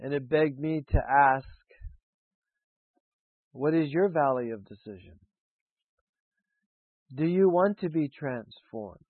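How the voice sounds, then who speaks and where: A man delivers a sermon in a slow, deliberate cadence, leaving long pauses between phrases. His voice sits a little higher than most men's. The sound is dry and narrow, like a phone line. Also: no room sound. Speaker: preacher. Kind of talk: sermon with spoken affirmations.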